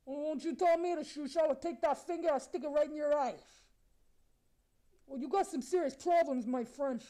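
A brash, ugly male monster with razor teeth, voiced by a performer heckles strangers in a comedy video-chat skit. His voice sits high and mellow. He talks in crude, mock-flirty taunts. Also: moderate pace, close to an everyday voice. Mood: brash taunting.

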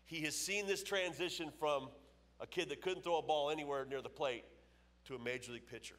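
In a church auditorium with the long reverb of the hall, a man in his fifties gives his personal testimony as a guest speaker. He tells his story emphatically and acts out the dialogue, his brisk voice on the high side with a fairly bright tone.

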